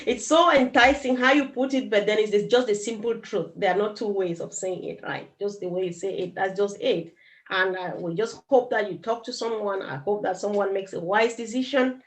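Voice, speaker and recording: Brief: woman host of a live chat, affirming and chatty, quick to giggle. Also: medium pitch, rough recording.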